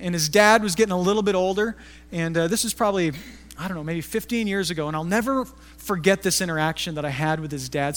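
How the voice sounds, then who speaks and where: A high-pitched middle-aged pastor delivers a sermon in a relaxed, storytelling style. The long reverb of a church hall rings around his voice.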